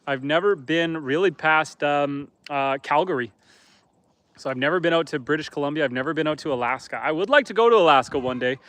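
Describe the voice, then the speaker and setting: A man's voice: on the high side, animated, brisk, fairly bright tone, no echo. Canadian man chatting by a campfire. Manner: reads viewer comments aloud and answers them. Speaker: homesteader livestreamer. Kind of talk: casual livestream chat reading comments. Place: outdoors by a campfire.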